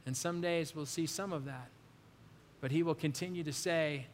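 High-voiced pastor preaching in a hall. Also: male voice, moderate pace, a little hiss or hum. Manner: animated, swings from loud to hushed. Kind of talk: sermon.

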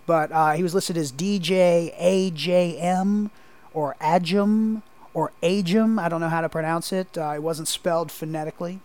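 A male podcast co-host talks into a headset in a small home studio. His voice sits a little high for a man. He rambles and hesitates, filling gaps with ums and uhs. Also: fairly even intonation, normal speed, darkish tone. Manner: rambling, hesitant with many fillers. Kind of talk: casual podcast chat.

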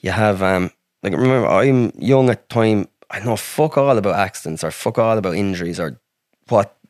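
An Irish man with a lowish voice tells his story as a podcast guest, rambling and swearing freely and filling his talk with "like". The sound is dry and close, with no room echo. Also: lively intonation, normal speed, a little mellow. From Ireland. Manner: rambling, heavy swearing, frequent "like". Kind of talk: casual storytelling.

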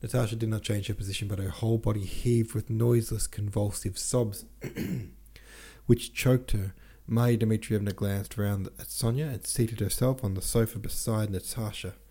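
A man narrating a classic novel aloud in a measured, steady reading. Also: lowish voice, husky. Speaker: audiobook narrator.

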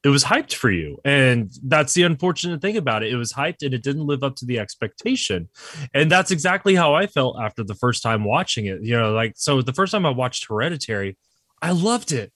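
A man's voice: mid-range voice, lively intonation, brisk, fairly bright tone, no room sound, clean studio sound. A man co-hosting a casual podcast, giving blunt, candid opinions. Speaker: podcast co-host. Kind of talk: casual chat.

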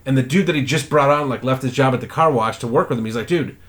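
Profane, animated man telling stories. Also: mid-range voice, very fast. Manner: profane, animated storyteller who acts out characters. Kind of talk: casual podcast chat.

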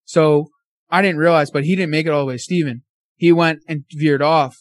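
A man telling a hunting story as a podcast guest, animated, acting out his own and his friend's words. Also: a little high, a little fast, no echo.

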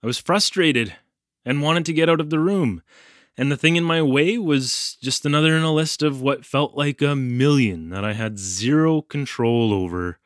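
A man's voice: a little high, moderate pace, dry recording, studio quality, close to an everyday voice. An actor playing a flustered young male English teacher in Japan, telling his ordeal in a wry, self-deprecating way. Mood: recounting. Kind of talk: audio drama storytelling narration.

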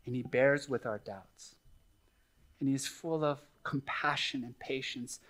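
A man's voice: mid-range voice, a little slow, fairly bright tone. A middle-aged male pastor preaching a sermon in an earnest, conversational teaching manner with friendly asides.

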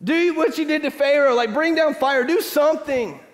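A man's voice: very high voice, moderate pace, long reverb tail, pitched above the performer's own voice. A man putting on whiny, desperate pleading Israelites. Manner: pleading, exasperated.

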